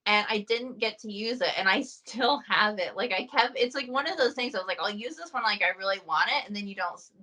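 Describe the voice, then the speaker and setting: A woman's voice: mid-range voice, expressive, a little fast, few pauses, bright, forceful tone, low-quality recording. A young woman hosting a casual chat, telling stories with quoted asides and easy laughs. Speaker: host.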